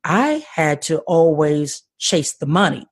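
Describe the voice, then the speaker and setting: Older lady guest on a podcast, low raspy voice, passionate, keeps restarting phrases. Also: big pitch swings, slow pace, no room sound, studio quality. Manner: earnest, passionate, repeats words when starting phrases. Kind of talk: conversational interview.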